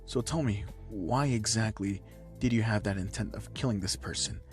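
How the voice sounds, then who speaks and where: A man voicing a calm adult male doctor who asks measured questions. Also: fairly low pitch, faint music behind, close to an everyday voice.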